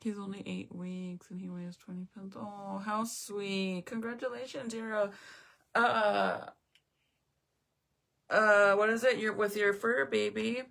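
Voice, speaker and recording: A woman's voice: medium pitch, steady tone, slow, vocal fry, a bit bright. A young woman at home chatting casually on a live stream, rambling, swearing now and then and answering viewer comments. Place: at home, indoors.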